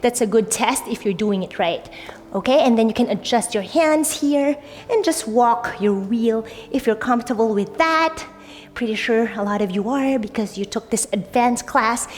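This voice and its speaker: A young woman teaching a yoga class in a casual, upbeat way, often adding "like" and "right?". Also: on the high side. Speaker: yoga instructor. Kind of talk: guided yoga class instruction. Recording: long reverb, faint music.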